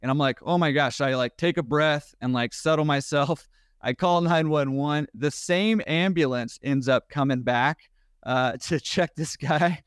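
A man who owns a laundromat, guest on a podcast, telling a story with energy and a quick pace. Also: on the high side, smooth, no room sound, clean studio sound. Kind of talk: storytelling anecdote in a podcast interview.

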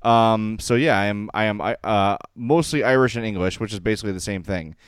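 A man's voice: lowish voice, fairly quick, smooth, dry recording, studio quality. A man co-hosting a sports podcast, chatting casually and rambling through stories with easy laughs. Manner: chatty, rambling storyteller who laughs easily. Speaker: podcast co-host.

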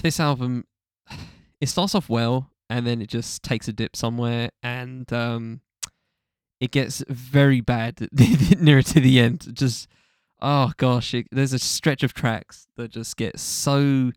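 A man's voice: medium pitch, clear, resonant tone, no room sound, clean studio sound. A man co-hosting a casual music podcast, talking loosely with lots of fillers and restarts and casual swearing. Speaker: podcast co-host. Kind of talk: casual music review chat.

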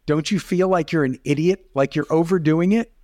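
Lively middle-aged man coaching on camera. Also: fairly high pitch, moderate pace, no room sound, studio quality. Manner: lively, demonstrative explaining with rising and falling emphasis. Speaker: video coach and guest. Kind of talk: casual interview talk.

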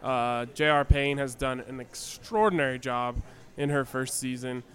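A man on a casual sports podcast panel, making wry, deadpan jokes. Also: medium pitch, normal speed, clean tone.

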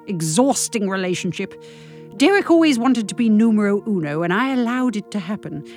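A woman reading a comic monologue with dry, deadpan delivery. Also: a little high. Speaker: comic storyteller.

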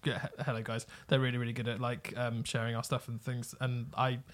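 A man's voice: medium pitch, little pitch movement, a little fast. Eager man chatting about bands. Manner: eager, sweary, filler-heavy. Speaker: podcast co-host. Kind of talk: casual music review chat.

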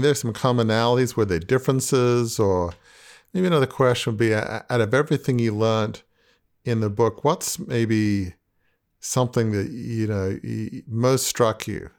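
A man's voice: medium pitch, a little slow, darkish tone, smooth. A man hosting a podcast, speaking reflectively and asking his guest questions. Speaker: podcast host. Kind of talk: casual interview.

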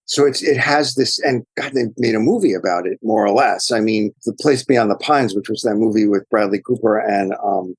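Husky low-voiced man telling a story. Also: moderate pace, few pauses, no echo, poor audio. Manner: thoughtful, digressive storytelling. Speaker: author guest. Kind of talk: interview answers.

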